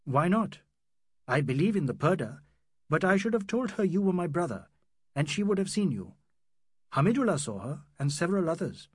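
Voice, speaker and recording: A man's voice: high-pitched, very animated, normal speed, slightly rough, no room sound, clean studio sound, pitched above the performer's own voice, full character voice. A man reading an audiobook, voicing a proud, emotional young Indian doctor who turns from sardonic to earnest. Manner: sardonic, then earnest and pleading.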